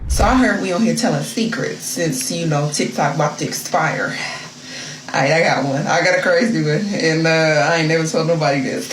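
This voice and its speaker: A woman's voice: low-pitched, a little fast. A woman from the United States telling a story in a gossipy, confiding way, as if to a friend, in an echoey, noisy recording. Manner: gossipy, confiding, addresses listener as "girl". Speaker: storyteller on a social video. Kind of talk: casual storytelling. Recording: echoey room with loud noise.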